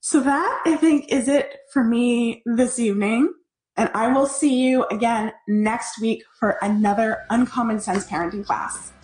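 A woman hosts a live parenting class and chats through viewer comments with plenty of animation. Her voice sits a little high, and the sound is roomy and echoey. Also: measured pace, darkish tone. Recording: echoey room.

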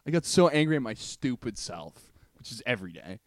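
A man's voice: mid-range voice, very animated, a little fast, dry recording, clean studio sound. A man co-hosting a podcast in casual chat, joking, mocking himself and swearing freely. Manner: joking, self-mocking, profane. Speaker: podcast co-host.

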